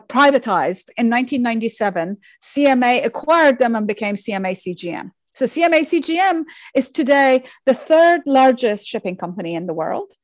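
Lecturing woman, fairly high voice. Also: no echo. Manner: measured, many fillers and restarts. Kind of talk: academic lecture with slides.

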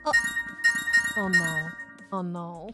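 A woman streamer chatting casually with her viewers, excitable and swearing freely. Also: on the low side, slow pace, over music.

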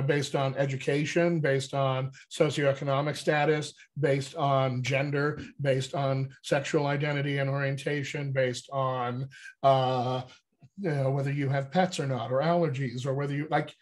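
A man's voice: a little high, darkish tone. A man, a dialect coach, explaining in a teacherly way and often checking in with "right?". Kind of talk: explanatory interview talk.

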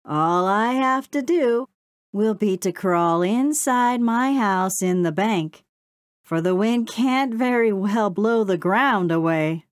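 A woman's voice: medium pitch, animated, slow pace, no room sound, studio quality, voice pushed up. A woman voicing a lazy teasing beaver.

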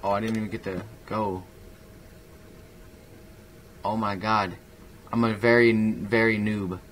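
A young gaming YouTuber with a fairly low voice gives casual, rambling commentary over a video game, unhurried, mocking himself and breaking into excitable bursts. A faint hiss runs under the recording.

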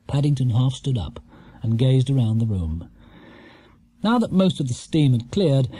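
A man narrating a children's storybook in a lively, expressive way. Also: on the high side, breathy edge, no room sound. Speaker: audiobook narrator.

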